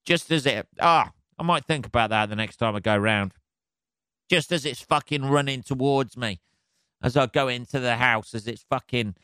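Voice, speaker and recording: A man's voice: mid-range voice, clean tone, no room sound, clean studio sound. A man hosting a podcast, ranting comically on his own, swearing constantly and laughing often. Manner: sweary, animated, laughs a lot. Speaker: podcast host. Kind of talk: solo comedic rant.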